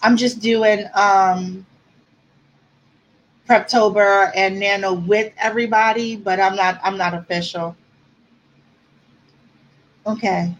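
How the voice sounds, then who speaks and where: Husky woman chatting emotionally with viewers. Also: medium pitch, fairly even intonation, slow pace, long pauses, lo-fi sound. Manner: chatty, emotional, reads and answers viewer comments. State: close to tears. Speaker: author livestreaming to viewers. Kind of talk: casual livestream chat.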